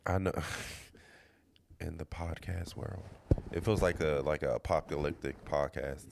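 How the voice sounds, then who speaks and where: A man's voice: unhurried, creaky, noisy background. A young man co-hosting a comedy podcast, talking loosely and jumping into put-on voices for jokes. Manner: animated, jumps into squeaky put-on voices for jokes. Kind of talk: casual comedic chat.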